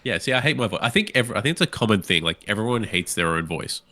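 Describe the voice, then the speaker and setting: Deep, monotone co-host. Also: male voice, racing. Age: 30s. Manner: monotone, deadpan. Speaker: podcast co-host. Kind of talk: casual chat.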